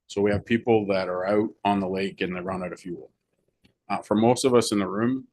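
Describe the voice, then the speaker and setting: A man speaking as fire chief at a council meeting, explaining things in a measured way with frequent fillers. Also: low-pitched.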